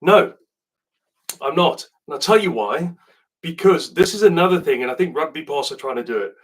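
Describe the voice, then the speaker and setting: A man's voice: fairly high pitch, animated, normal speed, husky, far from the mic. Chatty man with a southern English accent. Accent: British, southern English. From South Africa. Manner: chatty and rambling, with asides and restarts. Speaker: rugby video host answering viewer questions. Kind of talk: casual chat to camera.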